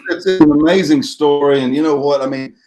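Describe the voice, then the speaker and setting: A man's voice: fairly high pitch, a little fast, darkish tone, rough recording. A man with a Louisiana Southern accent, a singer and guest talking earnestly in a casual interview and often repeating himself.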